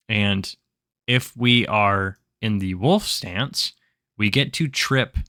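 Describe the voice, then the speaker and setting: Low-voiced man walking through a build. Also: a bit bright, no room sound, clean studio sound. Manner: methodical step-by-step explaining. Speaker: tabletop game build guide host. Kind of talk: screen-recorded game tutorial.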